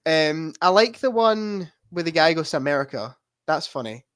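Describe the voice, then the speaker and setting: A man's voice: on the high side, lively intonation, normal speed, a bit bright, smooth, no room sound. Male podcast co-host, casual, giggly, self-deprecating, dry close-miked sound. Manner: laughs often, self-deprecating, reads review quiz clues. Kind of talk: casual chat.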